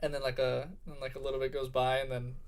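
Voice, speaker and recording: A man's voice: mid-range voice, monotone, quick pace. A young man on a podcast telling a story in a rambling way with lots of fillers. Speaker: podcast co-host. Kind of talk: casual podcast chat.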